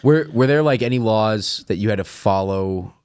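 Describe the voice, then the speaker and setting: A man's voice: on the low side, normal speed, darkish tone, smooth, dry recording, clean studio sound. A man hosting a podcast, chiming in with short reactions in casual chat. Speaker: podcast host.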